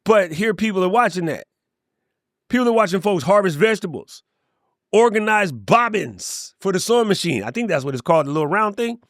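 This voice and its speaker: A middle-aged man giving an energetic, conversational motivational talk to camera, with playful asides. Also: sits high, a little fast, dry recording, studio quality. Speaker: YouTube creator and coach.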